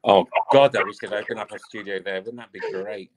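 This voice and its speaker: English dance coach guy, lowish voice, rambly casual chat, lots of "i mean". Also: fairly even intonation, brisk. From England. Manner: chatty and rambling, many "I mean" fillers. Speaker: dance teacher and coach, interview guest.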